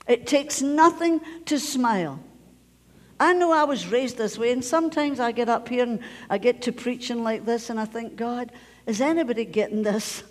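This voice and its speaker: A woman's voice: fairly high pitch, moderate pace. A Scottish woman pastor preaching a sermon, emphatic, repeating key phrases and sometimes dropping to a near whisper. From Scotland. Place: church sanctuary. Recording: long church reverb.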